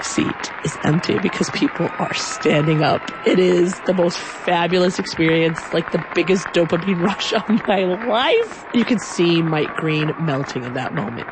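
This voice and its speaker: A woman telling a personal story in an animated way, acting out other people's voices and using "like" a lot. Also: on the low side, moderate pace, hardly any pauses, a crowd in the background, noisy background. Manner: animated, acts out voices, filler "like".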